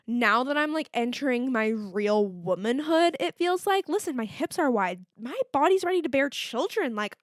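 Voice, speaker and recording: A woman's voice: sits high, a bit bright, no echo, studio quality. A woman in her twenties, a podcast host chatting casually and candidly from home, with plenty of fillers and swearing. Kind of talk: casual solo chat.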